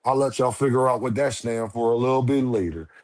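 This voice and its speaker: A man hosting a casual livestream, firing off lively, repetitive shout-outs to viewers with slangy banter. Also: medium pitch, brisk. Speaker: livestream host.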